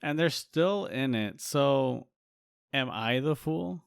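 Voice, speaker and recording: Young male podcast co-host, smooth clear voice, dry close mic, rambling and teasing. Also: mid-range voice, lively intonation, takes it slowly, no room sound. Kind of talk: casual chat.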